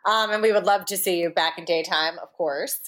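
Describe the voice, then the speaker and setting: A woman's voice: fairly low pitch, fairly quick, fairly bright tone. A woman hosting a podcast interview, friendly and brief. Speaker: podcast host.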